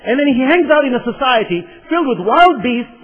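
Impassioned high-voiced male preacher, reverberant hall. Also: very animated, fairly quick. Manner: impassioned, repetitive, addresses the congregation directly. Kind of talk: sermon. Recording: dull lo-fi sound with long hall reverb.

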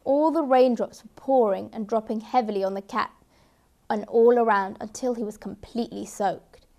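A woman tells a children's story in a gentle, expressive voice. Her tone is fairly high and she stresses words for little listeners. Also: moderate pace. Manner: gentle, expressive, with emphatic repeats.

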